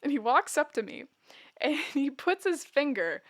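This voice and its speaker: A woman around twenty telling a story in a casual vlog, laughing often and joking with wry deadpan humor, rambling and correcting herself as she goes. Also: sits high, moderate pace, no room sound, clean studio sound. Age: about 20. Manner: rambling with many fillers and self-corrections. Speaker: vlogger.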